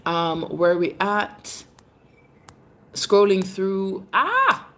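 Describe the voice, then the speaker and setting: A woman hosts a casual livestream, chatting animatedly and calling her viewers babes. Her voice sits a little low, and she swings up in pitch when she gets excited. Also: normal speed. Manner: bursts of laughter, lively pitch swings. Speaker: livestream host. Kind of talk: casual livestream chat reading comments. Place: Jamaica.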